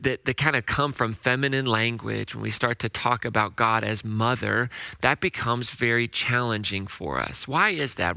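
A male pastor delivers an earnest, conversational sermon, pausing and restarting as he goes. His voice is very bright and forward. The sound is dry and close, with no room echo. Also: mid-range voice.

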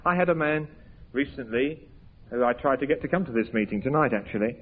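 A husky-voiced man delivers an evangelistic sermon, moving from earnest pleading to emphatic peaks. The sound is thin and tinny, as though it came down a phone line. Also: medium pitch, brisk. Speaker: preacher.

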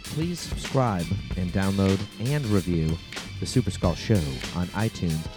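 A man's voice: low-pitched, lively intonation, measured pace, over music. A man co-hosting a podcast in a studio, chatting in a laid-back, joking way. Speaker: podcast co-host. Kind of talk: casual chat. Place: recording studio.

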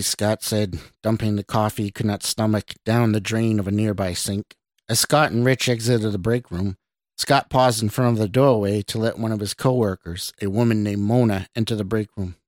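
A man, a podcast host, reading his own short story aloud in an even, measured way. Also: lowish voice, dry recording.

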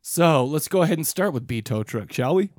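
A man's voice: on the high side, expressive, brisk, dry recording, studio quality. A man in his thirties co-hosting a podcast, chatting casually and rambling with lots of restarts. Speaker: podcast co-host. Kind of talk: casual chat.

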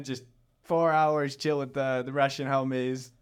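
A young man rambles through a story in casual conversation. He leans on "like" constantly and acts out what people said as he retells it. His voice sits at an ordinary mid pitch. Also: measured pace, clear, resonant tone. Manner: rambling, lots of "like", animated retelling. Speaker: storyteller guest. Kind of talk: casual chat.

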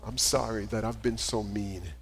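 Remorseful tired wife, hushed and low, read out by a male preacher in a reverberant hall. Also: fairly even intonation, normal speed, slight background noise, natural voice. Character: remorseful married woman, weary and tearful.

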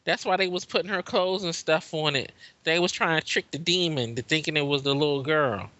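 Male co-host, relaxed casual speech, sharp voice, dry muffled recording. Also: fairly high pitch, brisk, dry recording. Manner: laid-back, short replies, casual nonstandard grammar. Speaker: podcast co-host. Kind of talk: casual movie review chat. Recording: dry, dull lo-fi sound.

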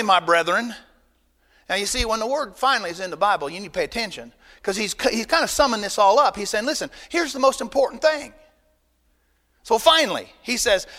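A man preaching a sermon as pastor, folksy and emphatic, swinging between loud bursts and quiet asides. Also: high voice, long reverb tail.

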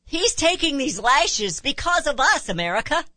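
A woman's voice: sits high, big pitch swings, moderate pace, pushed and bright, dry recording. A woman hosting a talk radio show, delivering an impassioned opinion monologue full of rhetorical questions.

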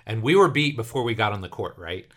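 Man in his thirties, bright voice, animated storyteller, casual podcast host. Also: on the low side, quick pace. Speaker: podcast host and youth coach.

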